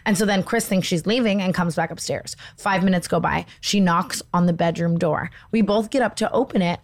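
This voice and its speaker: A woman on a podcast tells a story in a loose, chatty way, full of "like" and quick acted-out quotes. Her voice sits a little low. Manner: animated retelling, acts out quoted voices, many "like" fillers. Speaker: podcast co-host. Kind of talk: casual storytelling chat.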